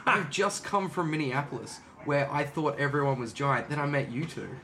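A man's voice: a little high, normal speed, sharp tone, a little hiss or hum. Easygoing man podcast co-host. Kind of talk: casual chat.

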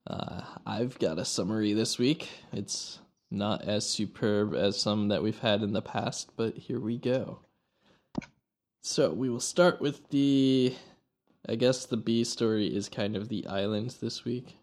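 A man with a fairly low voice hosts a casual podcast. He jokes easily and rambles through summaries in a relaxed way. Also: a little slow. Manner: joking, relaxed, loose summarizing. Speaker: podcast host.

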